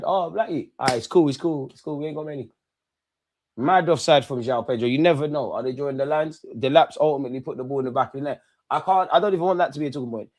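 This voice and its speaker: A young man with a slightly high voice hosts a football match watchalong as a fan. His live commentary is full of slang, and he repeats his phrases over and over.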